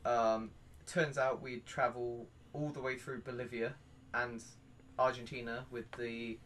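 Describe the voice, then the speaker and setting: A man's voice: mid-range voice, unhurried. Young bristol guy, casual chatty co-host, lots of ums, faint background hum. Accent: Bristol English. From England. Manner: relaxed, rambling storytelling with many fillers. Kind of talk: casual chat.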